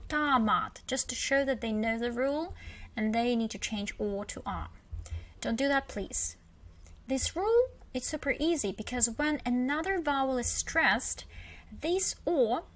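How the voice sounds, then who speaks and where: Russian-accented woman teacher, slow and patient, a touch high, beginner lesson. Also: a bit bright. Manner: slow, patient, repeats example words with emphasis.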